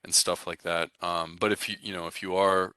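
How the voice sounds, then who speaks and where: A man's voice: low-pitched, little pitch movement, normal speed, sharp tone, clear, resonant tone, dry recording, clean studio sound. A man teaching a language class, explaining pronunciation rules in a casual, rambling way with many fillers and restarts. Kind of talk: recorded class lecture.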